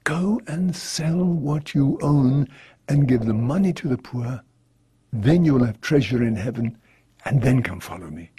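A man reading the words of a calm male teacher giving moral counsel, in a measured, solemn way. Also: medium pitch, breathy edge, dry recording. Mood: gentle, earnest.

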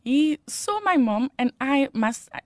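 A woman's voice: high-pitched, very animated, measured pace, no echo, studio quality. A woman giving a personal testimony as an interview guest, laughing often and turning emotional.

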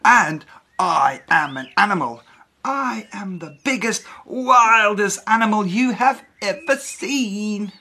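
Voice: medium pitch, expressive, slow, pushed and bright, breathy edge, full character voice. A voice actor playing a stubborn young boy who insists he is a wild animal in a children's audio story. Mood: defiant. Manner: defiant, emphatic storybook dialogue.

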